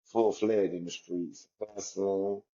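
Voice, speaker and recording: A man's voice: low-pitched, steady tone, slow pace, mellow, lo-fi sound. A man, a former inmate, speaks candidly and reflectively about his past, in a loose style filled with "you know" and "like". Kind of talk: candid personal storytelling.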